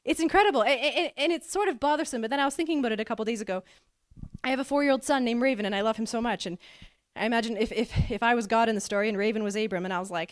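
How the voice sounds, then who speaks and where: A woman's voice: fairly high pitch, very fast, no echo, studio quality. A woman in her thirties preaching a sermon, earnest and heartfelt, often repeating words as she starts a phrase. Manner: earnest, repeats words when starting a phrase, voices God's lines with feeling.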